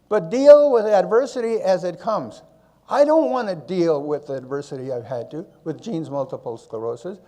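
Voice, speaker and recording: An older man giving a conference keynote, telling stories and handing out advice, with a habit of tagging his points with "okay?". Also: a little high. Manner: animated, tag question "okay?" after points. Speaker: conference speaker. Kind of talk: storytelling keynote talk.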